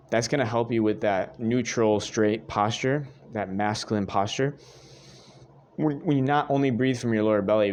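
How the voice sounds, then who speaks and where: A man's voice: on the low side, darkish tone. A young man giving earnest dating advice straight to his viewers, repeating his points and calling them guys. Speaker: dating coach. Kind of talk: direct-to-camera advice monologue.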